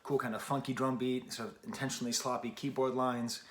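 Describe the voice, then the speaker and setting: A man's voice: mid-range voice, little pitch movement, brisk, slight background noise. A man in his forties giving a casual, rambling album review, often restarting his sentences and poking fun at himself. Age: 40s. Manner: rambling, self-deprecating, frequent restarts.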